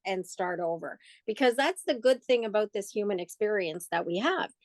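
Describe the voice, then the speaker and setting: A woman's voice: mid-range voice, animated, moderate pace, dry recording. A woman co-hosting a casual chat, earnest and encouraging as she asks listeners questions. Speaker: co-host.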